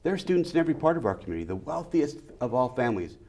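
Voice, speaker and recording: A man's voice: medium pitch, very animated, very fast, a little mellow, slight background noise. A middle-aged man, a school superintendent, answering interview questions emphatically and repeating key phrases.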